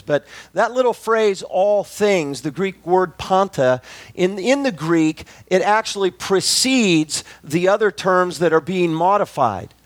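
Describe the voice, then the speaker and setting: A man preaching a sermon as pastor, measured and emphatic, repeating key phrases and slowing down to stress them. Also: sits high, no echo.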